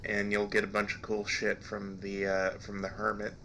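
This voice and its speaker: A man's voice: on the low side, monotone, normal speed, bright, forceful tone, slight background noise. A young man commenting casually on a video game, hesitant with lots of ums and uhs. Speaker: let's play commentator.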